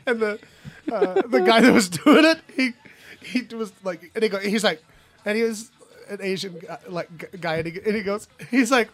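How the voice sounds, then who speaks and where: A man's voice: sits high, normal speed. A man co-hosting a podcast, joking and giggling through casual stories. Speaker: podcast co-host. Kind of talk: casual banter.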